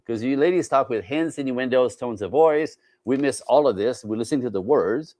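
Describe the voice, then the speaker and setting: A man's voice: mid-range voice, lively intonation, normal speed, warm tone, no echo. Emphatic male relationship coach, dry sound. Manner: emphatic, repeats "right?", slips into mimicking voices. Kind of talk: animated interview talk.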